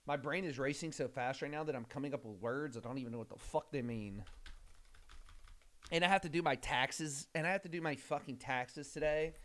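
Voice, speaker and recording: A man's voice: on the high side, a little fast, a bit bright. Profane rambling young man streaming. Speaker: game streamer. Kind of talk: casual livestream chat.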